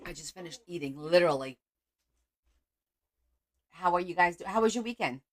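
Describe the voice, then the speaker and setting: A woman's voice: lowish voice, lively intonation, normal speed. A middle-aged woman hosting a casual craft livestream from home on her phone, chatty and teasing as she greets viewers by name.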